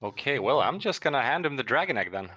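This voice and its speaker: A man's voice: medium pitch, big pitch swings, quick pace, pushed and bright. A man playing a tabletop role-playing game, speaking politely and apologetically with hesitant restarts. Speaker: player.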